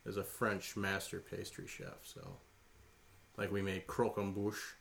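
A man's voice: low-pitched, level tone, measured pace, gravelly, a bit bright. A man co-hosting a casual radio chat, talking in a chatty way with frequent ums. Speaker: radio show co-host.

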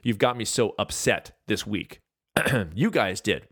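A man in his forties from California, hosting a podcast and talking in a casual, animated, self-mocking rant. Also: on the low side, measured pace, husky, dry recording, studio quality. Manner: animated, ranting, self-deprecating. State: out of breath. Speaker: podcast host. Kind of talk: casual monologue.

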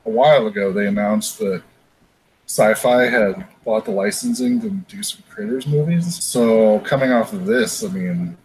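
A man's voice: mid-range voice, very animated, moderate pace, creaky, darkish tone, slight background noise, low-quality recording. Man ranting and swearing casually. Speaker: podcast host. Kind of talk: casual chat.

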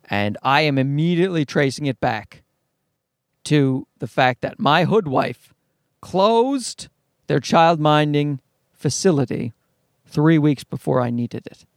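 Man, profane exasperated storyteller, slightly high voice, dry close sound. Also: expressive, slow pace, no room sound. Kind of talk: comic ranting anecdote.

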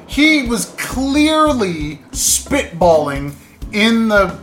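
A man's voice: high-pitched, very animated, very slow, fairly bright tone, soft background music. A man co-hosting a casual podcast, joking and riffing, acting out quotes as he talks. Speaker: podcast co-host. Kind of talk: casual comedic chat.

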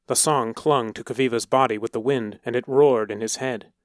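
A man narrating a story in a measured, dramatic way. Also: mid-range voice, fairly even intonation, dry recording, clean studio sound. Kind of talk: scripted narration.

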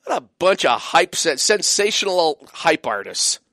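A man's voice: on the high side, very animated, unhurried, sharp tone. A man hosting a talk radio show, delivering an emphatic, mocking opinion monologue full of fillers.

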